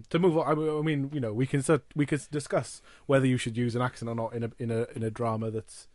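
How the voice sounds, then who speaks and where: A man's voice: medium pitch, level tone, fast talker, a little mellow, no room sound. A man hosting a casual film chat, recapping the plot in a wry, rambling way with many restarts.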